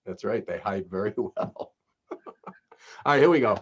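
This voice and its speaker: A man's voice: lowish voice, animated, normal speed, a bit bright, husky. A man hosting a casual chat, telling puns and stories and laughing at his own jokes. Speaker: host. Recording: dull lo-fi sound.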